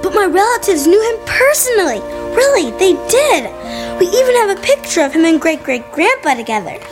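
A woman's voice: very high-pitched, very animated, moderate pace, music in the background. A woman playing a boastful know-it-all schoolgirl in a radio drama, insistent and bragging.

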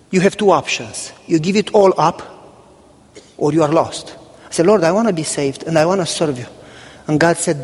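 High-voiced man preaching in a reverberant hall. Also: a little mellow. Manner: humorous, acts out dialogue with God and church members. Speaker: pastor. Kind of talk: sermon with storytelling.

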